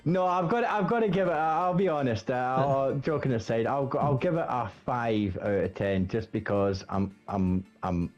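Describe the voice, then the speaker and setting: A man's voice: medium pitch, normal speed, hardly any pauses, highs cut off, faint music behind. A Scottish man in casual chat, rambling and restarting his sentences, swearing often as a guest rating a build. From Scotland. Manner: animated, rambling, stammering restarts.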